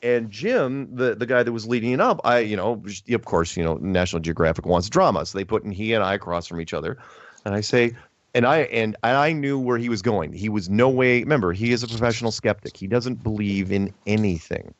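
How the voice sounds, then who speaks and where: A man chatting casually, telling an animated story that is full of restarts and quoted lines. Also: fairly low pitch, brisk, no room sound. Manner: animated storytelling, quoting others, many restarts. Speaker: podcast host. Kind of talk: casual chat. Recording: dull lo-fi audio.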